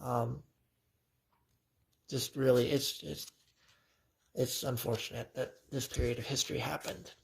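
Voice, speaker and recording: A young vlogger shows off his playbill collection, chatting casually into his phone camera and rambling enthusiastically with lots of fillers and restarts. His medium-pitched, level voice is gravelly and a little slow, with long pauses and slight background noise.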